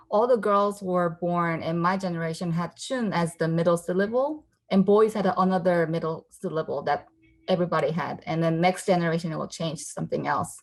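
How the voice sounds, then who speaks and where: Korean-born woman reading her memoir aloud. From South Korea. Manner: voices the characters with a raised pitch. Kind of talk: book reading with asides.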